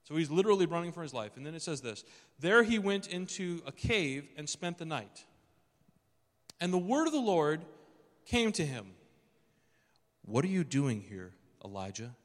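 A man's voice: sits high, big pitch swings, moderate pace, a bit bright, in a large hall. A man preaching a sermon in a conversational way, acting out the scripture quotes as he reads them. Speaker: pastor.

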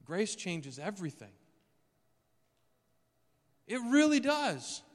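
A man's voice: high-pitched, sing-song, takes it slowly, big-room sound. A man preaching a sermon in a conversational way, acting out the scripture quotes as he reads them. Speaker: pastor.

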